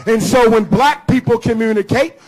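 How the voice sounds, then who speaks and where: A man giving an impassioned public speech to an audience in a rhythmic preaching cadence, punching key phrases with shouts. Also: very high-pitched, normal speed, low-quality recording. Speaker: public speaker. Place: live event before an audience.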